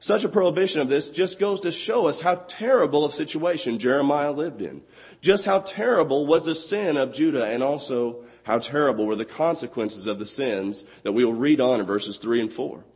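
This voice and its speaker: A man in his twenties preaching a sermon with a hoarse, husky voice he has partly lost, reading scripture slowly and deliberately. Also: medium pitch, a little mellow. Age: 20s. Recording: long hall reverb.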